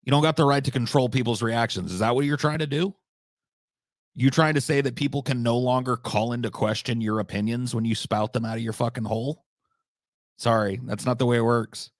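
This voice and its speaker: A man's voice: mid-range voice, steady tone, brisk, no room sound, clean studio sound. A man giving casual reaction commentary on a video, sarcastic, profane and exasperated.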